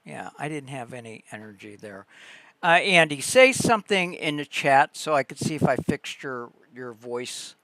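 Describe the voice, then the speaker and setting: Excitable bright-voiced male streamer. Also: mid-range voice, normal speed. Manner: excitable, bursts of laughter and squeals. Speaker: livestream host. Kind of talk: casual livestream chat.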